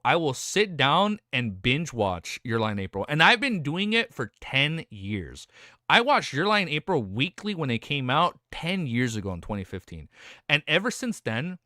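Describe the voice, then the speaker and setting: A young man livestreaming from home, rambling excitedly with lots of swearing and restarts. His pitch swings widely and his tone is bright. The sound is close and dry, with no room in it. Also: normal speed, no echo. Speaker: livestream host. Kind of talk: casual stream chat.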